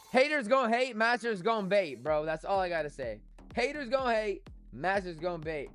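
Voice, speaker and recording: A man's voice: high-pitched, very animated, brisk, a bit bright, faint music behind. A man hosting a live crypto trading stream, hyped and joking, chanting a catchphrase over and over. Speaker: host, crypto trader. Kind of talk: live-stream market commentary.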